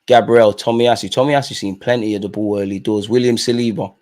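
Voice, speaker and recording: A young man hosting a live football watch-along, commentating casually with slang and shouting at the referee. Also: on the low side, fairly even intonation, a little fast.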